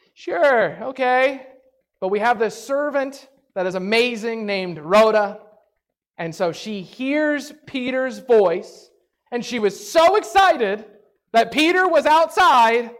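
A woman teaching a Bible story in a casual, animated way, chatty and full of "like", acting out the characters' lines. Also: fairly high pitch. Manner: animated, acts out the characters' lines in quick voices; chatty, peppered with "like".

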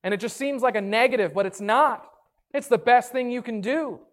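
A woman's voice: on the high side, moderate pace. A woman preaching a sermon in an earnest way, reading scripture aloud. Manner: earnest, reads scripture aloud, acts out listeners' voices.

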